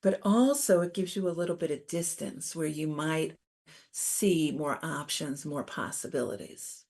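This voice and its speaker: A middle-aged woman giving a calm, explanatory talk on coping with stress, as presenter. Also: low voice, unhurried, slightly rough. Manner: calm, validating, explains step by step.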